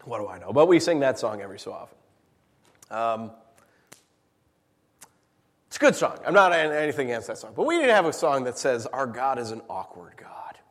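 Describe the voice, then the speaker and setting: A man preaching a sermon as pastor, animated, acting out voices as he retells the scene. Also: mid-range voice, fairly quick, pauses often. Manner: animated, acts out voices in anecdotes. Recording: long hall reverb.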